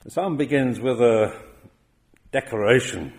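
A male pastor delivering a sermon at an unhurried pace. His pitch sits in an ordinary middle range, and he leans on quoted verses with deliberate emphasis. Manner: measured, emphatic preaching with slow quoted verses.

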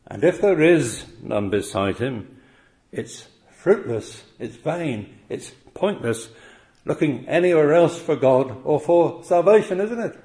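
A man's voice: on the high side, animated, slow, mellow. A man preaching a sermon, earnest and emphatic, often pressing his point with rhetorical questions.

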